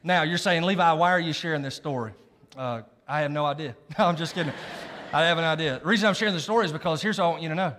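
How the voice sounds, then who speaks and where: A man's voice: a little high, racing, fairly bright tone, slight background noise. A man preaching a sermon as a story, folksy, laughing at himself and checking in with the audience. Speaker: pastor. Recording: long reverb of a large hall.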